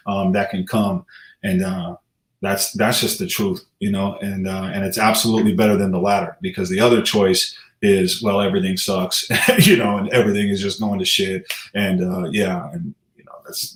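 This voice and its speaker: A man's voice: lowish voice, reverberant, rough recording. A man in his thirties, a rapper, chatting loosely in an interview, swearing and laughing as he tells stories. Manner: loose, profane, laughing storyteller. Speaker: guest rapper. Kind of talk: casual interview chat.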